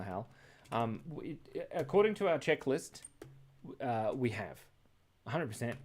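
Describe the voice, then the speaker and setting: A man hosting a live drawing stream in a loose, rambling way. He talks casually and playfully as he sketches, joking with viewers and laughing often. His voice sits at an ordinary middle pitch. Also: a little mellow.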